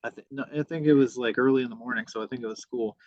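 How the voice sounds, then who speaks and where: A man's voice: medium pitch, fairly even intonation, racing, a little mellow, no room sound. Profane man telling a story, dull sound. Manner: profane, re-enacts dialogue. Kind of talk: casual storytelling.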